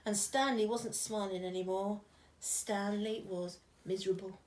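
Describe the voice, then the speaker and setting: A woman's voice: mid-range voice, steady tone, unhurried, a little mellow. A woman reading a children's picture book aloud, chatting and giggling between the lines and dropping to a whisper for suspense. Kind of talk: read-aloud with chatty asides.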